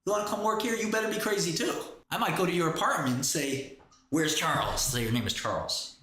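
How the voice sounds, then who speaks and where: A man with a husky, slightly breathy voice rattles off crude, slangy stories on a casual livestream. His pitch swings around, and he laughs often. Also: lively intonation, fast talker, bright, forceful tone. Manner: slangy storytelling. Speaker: livestream host.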